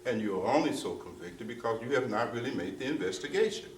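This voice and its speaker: Speaking fast in a mid-range voice with big swings in pitch, a male spiritual teacher lectures a gathered audience. He hammers points home, repeats himself, asks "you see?" often, and lapses into street slang. There's a little hiss or hum, and the distant mic gives a roomy sound with faint ambience.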